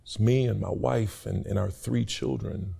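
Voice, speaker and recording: A middle-aged man tells his life story in an interview with earnest, preacher-like conviction. His low voice is gravelly and husky, with a dark, mellow tone. He often repeats words as he presses his point. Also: steady tone, unhurried. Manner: earnest, preacherly, repeats words and rises in pitch as emotion builds. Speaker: university staff member and interview guest. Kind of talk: emotional personal testimony in an interview.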